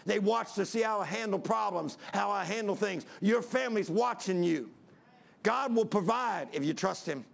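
A man preaching a sermon to a congregation in church, emphatic and repetitive, building to shouts. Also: sits high, vocal fry.

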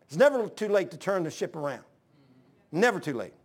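A man preaching a sermon, swinging between loud exhortation and low hushed asides. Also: sing-song, brisk. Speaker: pastor.

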